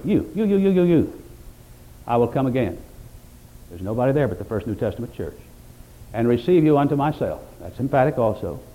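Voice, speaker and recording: A man preaching a sermon, rising to loud emphatic peaks and dropping to quiet reflective passages, quoting scripture in old-fashioned wording. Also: mid-range voice, poor audio. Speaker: pastor.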